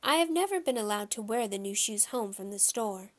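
A woman reading a children's novel aloud in a steady storytelling voice. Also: medium pitch, fairly quick. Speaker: audiobook reader.

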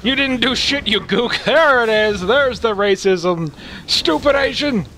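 Brief: a man doing an enraged online gamer, shrill and high, spitting insults. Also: lively intonation, measured pace, sharp tone, slight background noise, full character voice. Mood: angry ranting. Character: furious ranting male online gamer, insulting.

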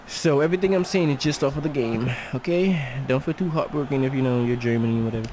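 A man giving excitable, joking commentary while playing a soccer video game, trash-talking the other side. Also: medium pitch, fast talker, a little hiss or hum. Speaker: gamer. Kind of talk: casual gameplay commentary.

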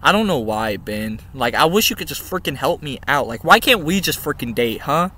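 A young man vlogging in a goofy, comedic style, swinging between mock-serious mumbles and loud outbursts. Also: medium pitch, sing-song, normal speed. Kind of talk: comedic casual vlog. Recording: background music.

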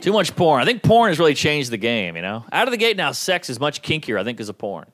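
A man doing a stand-up comedy set on a club stage, with a wry, incredulous delivery that jumps into high voices for bits. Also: wildly swooping pitch, fast talker, fairly bright tone.

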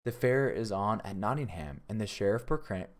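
A man's voice: lowish voice, lively intonation, normal speed, natural voice. A man reading aloud, voicing a hearty, jovial old male squire speaking to his nephew.

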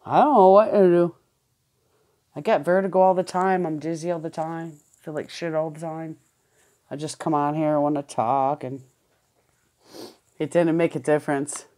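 A woman's voice: deep voice, steady tone, moderate pace, dark tone. A woman recording a candid personal vlog at home, rambling, repeating words and swearing. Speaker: vlogger. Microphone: headphones with camera.

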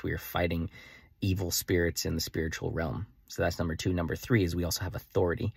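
A young man talking excitedly in a rambling daily vlog about his faith coaching plans, full of "like" fillers. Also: deep voice, vocal fry, slightly rough, no echo, clean studio sound. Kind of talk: enthusiastic daily vlog monologue.

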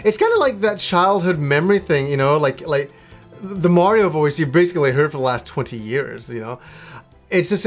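A man talking casually to camera from a room in his home, rambling enthusiastically with lots of fillers and restarts. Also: on the high side. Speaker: video game vlogger.

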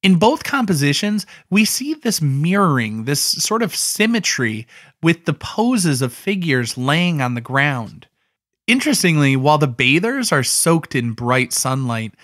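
A man's voice: on the high side, a bit bright, no echo, clean studio sound. A man hosting an art history talk, explaining a painting in a casual, conversational way with offhand asides.

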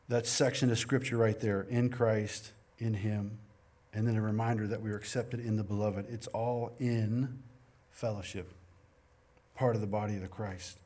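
A man's voice: fairly low pitch, fairly even intonation, moderate pace, warm tone. Earnest middle-aged male pastor preaching. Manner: earnest, conversational preaching with personal anecdotes. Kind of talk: sermon. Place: church sanctuary.

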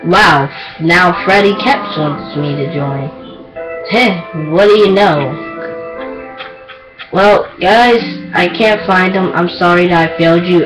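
A gaming video creator giving casual, excitable gameplay commentary, giggling and poking fun at themselves. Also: mid-range voice, slow, over music, poor audio. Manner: excitable, giggly, self-mocking.

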